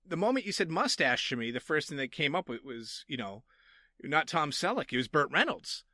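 A man's voice: on the high side, big pitch swings, fairly quick, pushed and bright, dry recording, studio quality. A man with a Massachusetts accent judging a retro game show, joking and exclaiming in casual podcast banter. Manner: jokey, playful exclamations.

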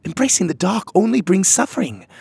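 A man's voice: high voice, sing-song, a little fast, gravelly, a little mellow, breathy edge, no room sound, pitched above the performer's own voice, exaggerated voice. A man voicing an anxious, passionate young female fairy who speaks urgently. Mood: pleading. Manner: agitated, urgent.

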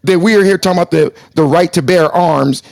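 A brash man hosts a live audio debate, joking with his guests and tripping over repeated words. His voice sits a bit high and has a gravelly edge. It sounds dry and close. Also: fairly quick, a little mellow, dry recording. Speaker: host.

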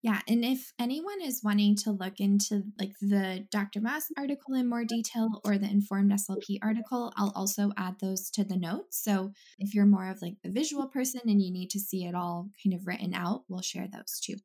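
A woman hosts a casual podcast interview with a mellow, warm tone. She chimes in with encouraging, upbeat remarks and steers on to the next topic. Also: medium pitch, a little fast, hardly any pauses. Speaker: podcast host.

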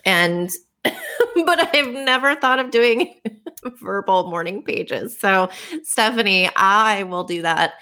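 A woman's voice: medium pitch, takes it slowly, bright, forceful tone. A woman hosting a podcast, chatting casually and enthusiastically. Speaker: podcast host. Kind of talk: casual chat.

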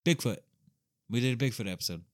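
A man's voice: medium pitch, fast. A man co-hosting a casual podcast, joking around and rambling with a self-deprecating streak. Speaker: podcast co-host. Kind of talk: casual chat.

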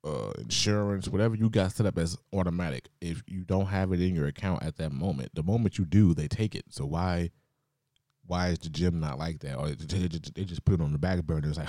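Deep mellow-voiced young man. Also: a little fast, no echo, clean studio sound. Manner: laid-back, swears freely, laughs. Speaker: podcast co-host. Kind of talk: casual chat.

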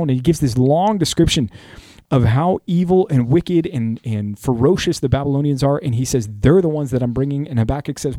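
Mellow-voiced man co-hosting a Bible podcast. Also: mid-range voice, animated, a little fast, dry recording, clean studio sound. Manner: joking banter turning to earnest teaching. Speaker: podcast co-host. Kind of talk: casual Bible-reading podcast chat.

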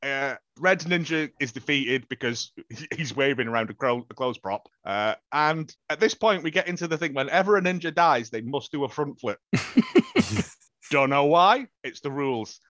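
Jokey man with a lively voice. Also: a little high, moderate pace, no echo, muffled recording. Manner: jokey, laughs often, acts out quotes. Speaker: podcast co-host. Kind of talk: casual film review chat.

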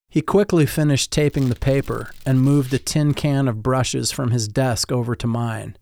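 A man narrates his story in the first person, reflective and a little wry. His voice sits at a middle pitch. The recording is dry and close, with no echo. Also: steady tone, normal speed, gravelly, hardly any pauses, a little mellow.

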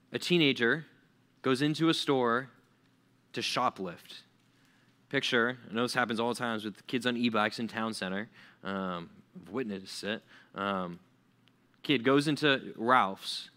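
A male pastor preaching a conversational sermon, animated and full of "like" fillers as he acts out stories for the congregation. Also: mid-range voice. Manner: frequent "like" fillers.

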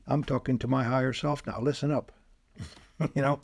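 Husky man telling spiritual stories. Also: mid-range voice, moderate pace, dry recording. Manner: animated anecdotes, acts out quoted voices, chuckles often. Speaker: spiritual healer guest. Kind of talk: casual storytelling interview.

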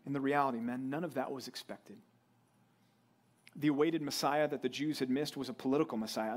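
Man preaching, fairly high voice, earnest sermon to a men's group. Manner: earnest preaching, swings between loud emphatic bursts and quiet low asides. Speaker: pastor. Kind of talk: sermon to a men's Bible study.

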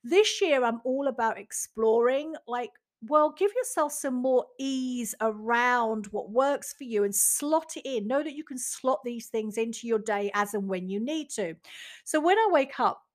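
A woman's voice: a little high, animated, a little slow. A woman, talking candidly and reflectively about her own routines, swearing casually and acting out her inner voices. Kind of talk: personal reflective monologue.

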